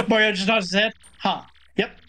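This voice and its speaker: A man's voice: high voice, measured pace, sharp tone. A man with a Southern US accent co-hosting a let's play, teasing with dry quips. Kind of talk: casual gaming commentary.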